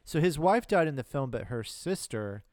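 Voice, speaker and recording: A man co-hosting a casual movie review podcast, halting and full of questions and fillers. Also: on the high side, lively intonation, darkish tone, no room sound, clean studio sound. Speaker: podcast co-host.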